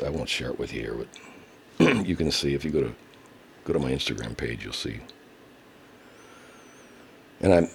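With a very deep voice and vocal fry, a man hosts a laid-back livestream full of swearing, angry rants, and viewer comments read aloud. He also baby-talks to his pet cat, and a slight hiss or hum is audible.

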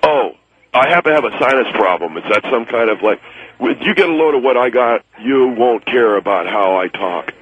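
A man's voice: mid-range voice, lively intonation, brisk, slightly rough. Man doing a cocky young telemarketer, nasal, boastful, radio comedy, muffled broadcast audio. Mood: smug. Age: 20s. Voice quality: nasal, slurred speech. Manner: smug, boastful sweet-talker. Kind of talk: radio comedy call-in bit. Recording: dull radio broadcast sound.

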